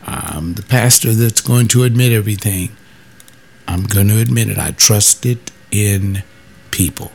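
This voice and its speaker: A former pastor tells stories in a blunt, emphatic, casual monologue, his pitch jumping up whenever he quotes someone. His voice is gravelly and darkish, delivered at a measured pace.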